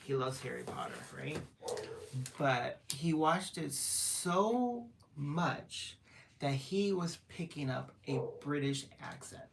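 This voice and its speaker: A woman's voice: deep voice, animated, slow, gravelly. A middle-aged woman chatting casually with viewers on a home livestream while wrapping gifts, greeting them and laughing often. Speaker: livestream host. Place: home at night. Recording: distant mic with loud background noise.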